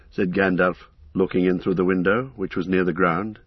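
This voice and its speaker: Male storybook narrator, husky, calm and even, dry dull recording. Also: low-pitched, normal speed, no room sound. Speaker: audiobook narrator. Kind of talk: scripted narration.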